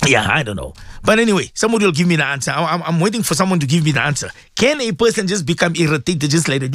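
A man's voice: on the high side, sing-song, rapid-fire, few pauses, fairly bright tone, no room sound, clean studio sound. A man hosting a morning radio show as a Maulana, talking casually and animatedly to listeners, often repeating words as he pleads and exclaims.

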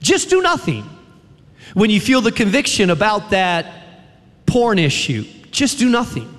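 A man preaching with a high, animated voice that rises and drops sharply. He drives his points home through repeated refrains and long dramatic pauses. His voice rings with the long reverb of a large chapel hall. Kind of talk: sermon to a chapel audience.

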